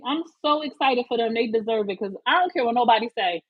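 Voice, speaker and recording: Philly woman on a live stream, high husky voice, dry close sound, hyped and chatty. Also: lively intonation, quick pace, dry recording, dull audio. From Philadelphia. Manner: chatty, greets viewers by name, emphatic slang. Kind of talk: casual live-stream chat.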